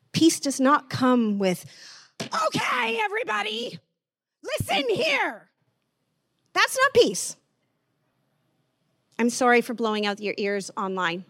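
A woman preaching gently in an online sermon, slowing down to stress words and dropping almost to a whisper. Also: on the high side, no room sound. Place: online church service.

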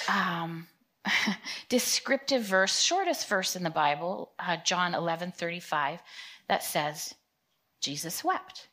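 A woman in her fifties giving a casual, conversational sermon, acting out scripture scenes in quick quoted voices. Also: mid-range voice, a bit bright, slightly rough. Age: 50s. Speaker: preacher.

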